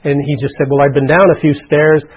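A survivor being interviewed tells a personal story earnestly, acting out what people said. His voice is fairly high, level, and breathy, his pace is brisk, and the audio sounds dull.

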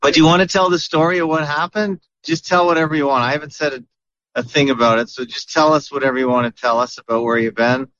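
A man's voice: fairly high pitch, fairly even intonation, quick pace, fairly bright tone, no room sound. Chatty male podcast host, muffled audio. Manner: chatty, with many fillers and restarts. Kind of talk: casual chat.

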